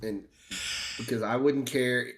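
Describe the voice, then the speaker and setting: A man's voice: medium pitch, fairly even intonation, unhurried, noisy background. Podcast co-host: an everyday man with a mid-range voice who rambles and circles back. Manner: rambling, repeats himself. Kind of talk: casual chat.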